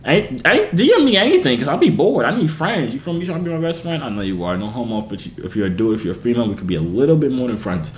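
A man's voice: mid-range voice, sing-song, racing, few pauses, darkish tone. Playful, teasing young man in an echoey room. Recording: echoey room, faint background hiss.

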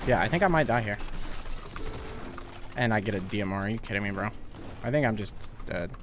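A young man streaming a game, chatting casually, laughing often and quickly thanking viewers. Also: lowish voice, expressive, over music. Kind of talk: casual gaming livestream chat.

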